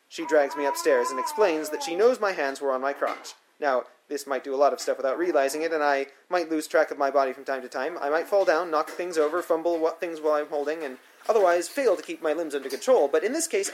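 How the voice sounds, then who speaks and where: A man's voice: a little high, fairly quick, slight background noise. A man narrating his own memoir in the first person, with a dry, wry, matter-of-fact delivery.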